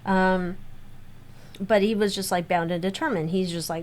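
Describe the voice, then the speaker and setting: A woman's voice: on the low side, fairly even intonation, moderate pace, a little mellow. A woman giving a casual spoken tarot reading, rambling with lots of fillers and restarts. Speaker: tarot reader.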